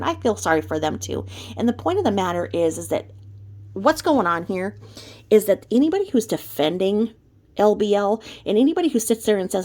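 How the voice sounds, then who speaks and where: A woman's voice: medium pitch, a little mellow. A woman delivering a ranting commentary vlog from her home desk, emphatic and repetitive in her scolding. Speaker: commentary vlogger.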